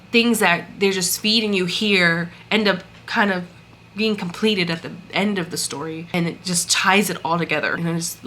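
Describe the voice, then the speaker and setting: A woman's voice: lowish voice, sharp tone, a little hiss or hum. A woman chatting casually about a story she loved, gushing and acting out bits of dialogue with lots of fillers. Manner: gushing, chatty, full of fillers and acted-out quotes. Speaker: book reviewer. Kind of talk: casual chat recapping a story.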